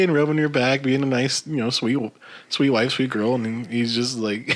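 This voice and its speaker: A man's voice: on the high side, normal speed. A man co-hosting a casual podcast with his brothers, telling stories animatedly and laughing as he goes. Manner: animated storyteller, laughs as he talks. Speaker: podcast co-host. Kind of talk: casual chat among brothers.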